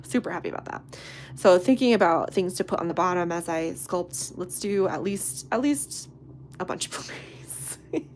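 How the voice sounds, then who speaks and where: A woman in her thirties talks through a live crafting session in a casual, bubbly way, greeting viewers by name. She often drops into soft, half-whispered asides. Faint room noise sits behind her voice. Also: on the low side, normal speed. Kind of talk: casual live-stream chat while sculpting.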